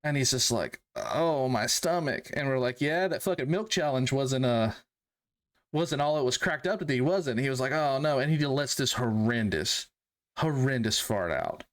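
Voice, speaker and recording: A young adult man, an army veteran guest on a podcast, telling stories casually, with plenty of swearing and loud, high-pitched acted-out quotes. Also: normal speed. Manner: animated, profane, acts out quotes in loud high voices. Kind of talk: casual storytelling.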